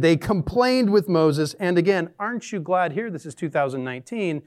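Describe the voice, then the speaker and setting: A man's voice: high-pitched, expressive, normal speed, few pauses, darkish tone. A man preaching a sermon as a pastor in a church, conversational and dryly sarcastic. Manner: conversational, dry sarcastic humor.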